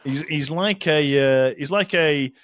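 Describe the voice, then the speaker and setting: A man's voice: fairly high pitch, a little slow, a bit bright, no room sound. Blunt, sweary British man, dry recording. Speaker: podcast co-host. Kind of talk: casual chat.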